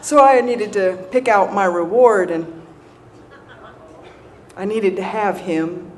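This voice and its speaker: Animated woman telling a funny recovery story. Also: mid-range voice, takes it slowly, a little hiss or hum. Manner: animated, self-mocking storyteller who laughs often; checks in with the crowd with "right?". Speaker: speaker sharing a recovery story. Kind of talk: humorous recovery talk to an audience.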